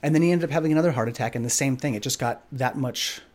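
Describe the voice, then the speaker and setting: A man's voice: mid-range voice, racing, a little mellow. A man hosting a podcast, telling a candid personal story in an earnest, reflective way and leaning on lots of filler "like"s. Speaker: podcast host.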